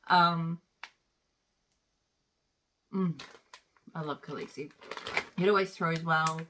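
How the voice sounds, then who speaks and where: Chatty lower-voiced woman. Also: steady tone, takes it slowly, background noise. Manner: chatty, rambling with frequent fillers. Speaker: wax melt reviewer. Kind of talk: casual product review chat.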